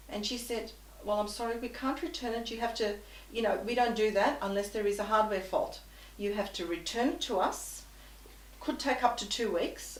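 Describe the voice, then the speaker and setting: A woman's voice: mid-range voice, moderate pace, distant mic. A woman guest telling an anecdote in conversation, animatedly acting out both sides of the dialogue. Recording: echoey room.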